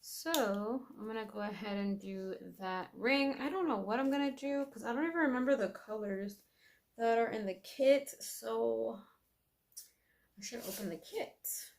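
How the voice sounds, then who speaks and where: A woman's voice: a little high, a little slow. Chatty woman thinking aloud over nails. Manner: chatty, thinks aloud, trails off and corrects herself. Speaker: nail vlogger. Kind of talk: casual unedited chat while doing her nails. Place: home, at her nail table.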